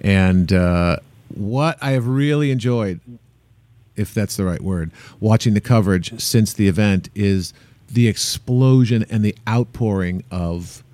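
A man hosting a radio show, talking in a relaxed, chatty way with some fillers. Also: lowish voice, measured pace, dry recording. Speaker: host. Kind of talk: casual radio chat.

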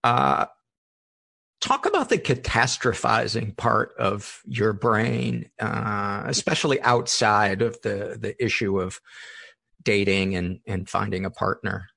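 A middle-aged man hosting a podcast interview, talking in a thoughtful, halting way with many restarts. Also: lowish voice, vocal fry, bright, forceful tone, no echo. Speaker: podcast host. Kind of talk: conversational interview.

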